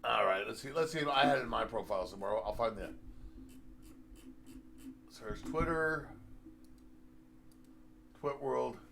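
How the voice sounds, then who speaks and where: A man's voice: medium pitch, unhurried, vocal fry, pauses often, fairly bright tone, a little hiss or hum. A man on a heated, profane political rant, sarcastic and rambling, with many filler sounds as he talks. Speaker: host.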